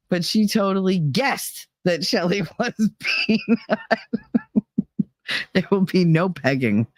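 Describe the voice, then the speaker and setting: A woman's voice: fairly low pitch, lively intonation, unhurried, no echo, studio quality. A woman hosting a live stream, chatting casually and reading out comments, rambling and laughing often. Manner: fond of loud, over-the-top talk. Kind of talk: casual chat.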